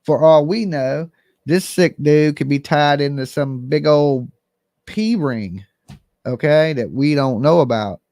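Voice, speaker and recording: Gravelly, blunt man ranting. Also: fairly high pitch, slow pace, darkish tone, no room sound, studio quality. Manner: blunt, emphatic and fired up, talks straight to viewers. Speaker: host of a live call-in commentary show. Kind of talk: casual livestream commentary.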